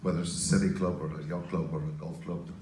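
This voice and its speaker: A fifty-year-old man speaks on a conference panel with a low voice, halting and restarting as he thinks. He is picked up from a distance in an echoey hall. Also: level tone, mellow, slight background noise. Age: 50s. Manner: hesitant, with many restarts and fillers.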